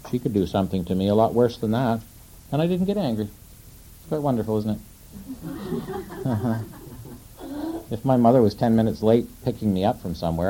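A man preaching a sermon in a conversational way, asking his listeners questions and slowing down to quote scripture. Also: fairly low pitch, warm tone, rough recording. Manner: conversational, asks the audience questions.

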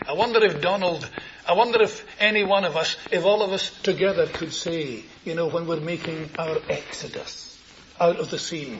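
An older man preaching a sermon, tender and earnest, repeating his phrases and moving between soft words and raised ones. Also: fairly high pitch, moderate pace. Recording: muffled lo-fi sermon recording with faint hiss.

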